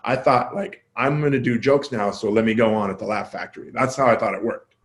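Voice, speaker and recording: A male comedian telling a story as a podcast guest, casual and self-deprecating, acting out quoted dialogue with his voice jumping up and down. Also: a little fast. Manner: animated, acts out quoted dialogue with jumps in pitch.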